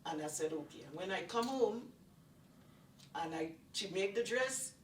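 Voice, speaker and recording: A woman's voice: mid-range voice, expressive, a little slow, distant mic. An older woman tells a personal testimony in an earnest, repetitive, emphatic way. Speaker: testimony speaker. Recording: echoey room, voice off-mic, faint noise.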